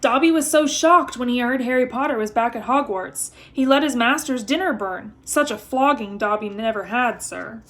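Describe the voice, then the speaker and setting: A woman's voice: fairly high pitch, moderate pace, hardly any pauses, a bit bright. Miserable male house elf, read by a woman; pleading, self-abasing servant, lightly raised voice. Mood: earnest. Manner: pleading, speaks of himself by name.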